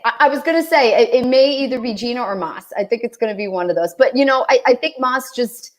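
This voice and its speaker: A woman with a New York accent chatting on a video call show, quick to laugh and often repeating her words. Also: fairly high pitch, lively intonation. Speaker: guest, restaurant promoter. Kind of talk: casual livestream chat.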